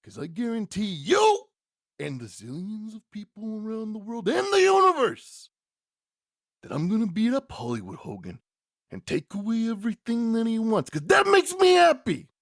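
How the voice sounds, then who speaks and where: A man doing an impression of a wild, shouting male wrestler cutting an intense promo. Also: high-pitched, wildly swooping pitch, moderate pace, gravelly, no room sound, clean studio sound, pitched above the performer's own voice, exaggerated voice. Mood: intense boasting. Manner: bellowing, intense promo delivery.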